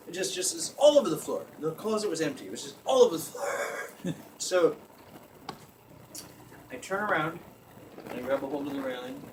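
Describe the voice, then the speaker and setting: A young man telling a comic story in casual chat, laughing constantly, swearing and acting out loud screams. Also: a little high. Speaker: storyteller guest. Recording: distant mic with faint background noise.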